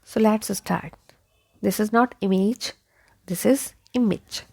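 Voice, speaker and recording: A woman leads a pronunciation lesson at an unhurried, deliberate pace. Her voice has a gravelly, fried edge. She says each word over and over and keeps checking with 'okay?'. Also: mid-range voice, darkish tone. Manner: repeats each word several times, asks 'okay?'. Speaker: English pronunciation teacher.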